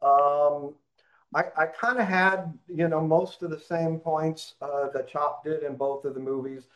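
Halting man co-hosting a podcast. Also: on the high side, steady tone, a bit bright, poor audio. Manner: halting, many fillers. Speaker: podcast co-host. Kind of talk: casual chat.

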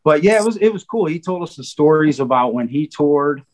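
A man's voice: on the high side, animated, fairly quick, rough recording. A man telling stories in a casual podcast chat, rambling with many fillers and quoted asides. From Cleveland, Ohio. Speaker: guest drummer.

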